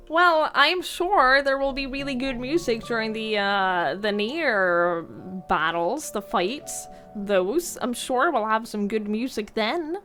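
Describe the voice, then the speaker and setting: A woman's voice: fairly high pitch, slow pace, hardly any pauses, pushed and bright, soft background music. A young woman streaming a game, chatting in a rambling, giggly way and swearing casually. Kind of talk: casual chat while gaming.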